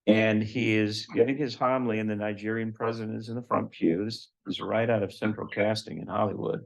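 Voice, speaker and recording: A man hosting a lecture event, giving a measured formal introduction of a guest speaker with light humorous asides. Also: on the low side, steady tone, vocal fry, poor audio.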